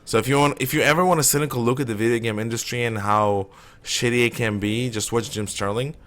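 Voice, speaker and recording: A man's voice: mid-range voice, fairly even intonation, fast, fairly bright tone. A man streaming a shooter game live, rambling and opinionated as he plays. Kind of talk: casual live gameplay commentary.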